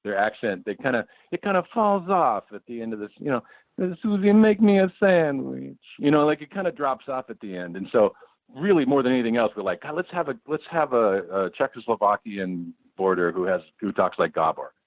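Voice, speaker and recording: A man with a fairly low voice recalls the old days in a loose, rambling way and swears now and then. His pitch moves a lot. He sounds dry and tinny, as if on a phone line. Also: animated, a little fast, no room sound. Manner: casual, rambling, swearing freely. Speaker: interviewee. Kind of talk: oral-history interview recollection.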